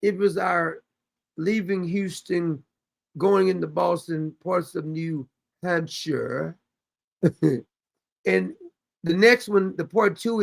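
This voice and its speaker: A man chats casually as host of a livestream, drifting from one thing to the next and laughing along the way. His voice is heavily gravelly and husky, and it sits somewhat high for a man. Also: no room sound. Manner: rambling, loose, laughs often. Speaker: show host.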